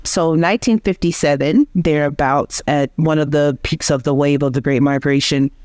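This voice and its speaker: A woman's voice: low-pitched, moderate pace, darkish tone, dry recording, clean studio sound. A woman linguist, a guest on an interview, explaining speech patterns patiently and often checking in with "right?".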